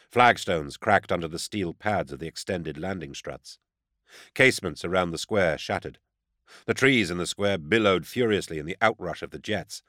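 A man reading a first-person audiobook in a steady, even storytelling manner. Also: deep voice, dry recording, clean studio sound. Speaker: audiobook narrator.

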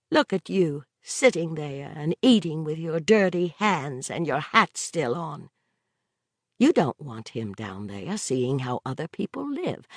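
Audiobook role: restrained frustrated wife, controlled, slow delivery, dry sound, a woman reads her. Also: fairly low pitch, no echo.

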